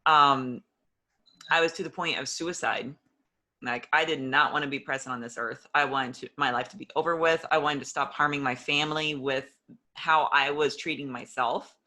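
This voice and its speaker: Woman with a sharp, bright voice. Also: low voice, steady tone, moderate pace. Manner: earnest, openly emotional, re-enacts past conversations. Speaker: interview guest. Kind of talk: personal testimony in an interview.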